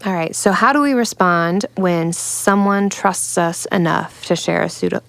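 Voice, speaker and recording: Affirming low-voiced woman co-host. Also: unhurried, creaky, no room sound. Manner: affirming, leads with questions. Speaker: podcast co-host. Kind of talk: casual faith-based discussion.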